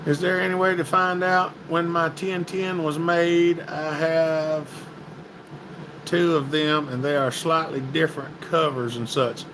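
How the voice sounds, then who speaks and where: A man's voice: on the high side, flat delivery, unhurried, background noise. A man hosting a casual livestream, reading viewer comments and greeting people by name in a folksy, chatty way. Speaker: livestream host.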